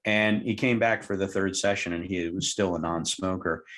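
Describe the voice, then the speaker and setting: A man's voice: low-pitched, steady tone, normal speed, a bit bright. A man, a hypnotherapist guest, telling a client story in an interview and acting out both sides of the dialogue. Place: lived in Tucson, Arizona.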